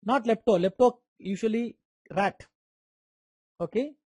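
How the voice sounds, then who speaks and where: A man's voice: sits high, measured pace, a little mellow, no room sound. A man with an Indian English accent giving a live online medical lecture, repeating key terms, quizzing students by name and making playful sound effects.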